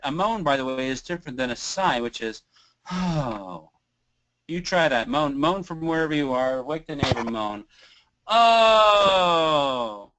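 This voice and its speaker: A man's voice: medium pitch, fairly quick, hardly any pauses, noisy background. A man from the Kansas City area, a voice teacher, talking casually in a webinar and showing vocal exercises by moaning, sighing and singing short bits. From Kansas City area, USA. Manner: casual, demonstrates moans, sighs and creaky sounds.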